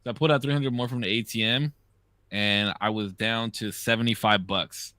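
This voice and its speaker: A man's voice: on the low side, fairly even intonation, normal speed, pushed and bright, no room sound. A man hosting a podcast, telling gambling stories in a loose, profane, casual way. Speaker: podcast host. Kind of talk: casual chat.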